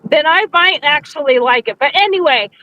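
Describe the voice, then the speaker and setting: A woman's voice: high voice, lively intonation, fairly quick, bright, forceful tone, muffled recording, slight background noise. A woman co-hosting a podcast, telling a story in casual chat and acting out the quotes. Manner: chatty storyteller, acts out quotes. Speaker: podcast co-host.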